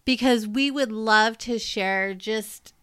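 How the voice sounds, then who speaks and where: A woman teacher telling a funny classroom story in an animated way, laughing as she goes. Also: on the high side, slow, clean tone. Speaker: teacher and podcast co-host. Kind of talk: personal storytelling.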